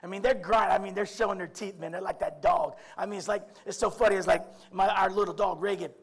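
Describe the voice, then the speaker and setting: A man preaching a sermon, swinging from quiet musing to loud shouts, with many stammered restarts and repeated "I mean". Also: high-pitched, fast talker, vocal fry, slightly rough.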